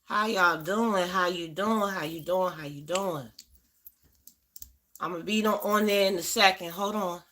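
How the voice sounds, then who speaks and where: A woman's voice: on the low side, measured pace, sharp tone. A middle-aged woman hosting a casual livestream, chatty, greeting viewers by name and repeating herself. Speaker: livestream host.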